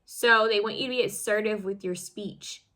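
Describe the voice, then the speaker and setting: A woman's voice: mid-range voice, steady tone, normal speed, sharp tone. A woman giving a casual pick-a-card tarot reading, rambling and self-conscious, full of fillers and restarts as she fumbles over her words.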